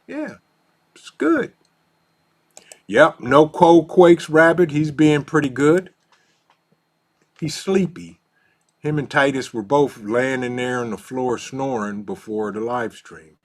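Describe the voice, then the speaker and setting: A man hosts a casual live stream, reading out viewer comments, laughing easily and coaxing his dog. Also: mid-range voice. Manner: easygoing, laughs often, talks softly to his dog.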